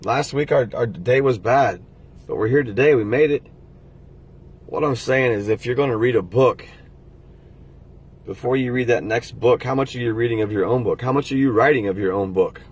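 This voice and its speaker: Middle-aged man, husky voice, mid pitch; plain-spoken motivational vlogger, earnest and direct. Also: normal speed. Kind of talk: casual motivational talk to camera.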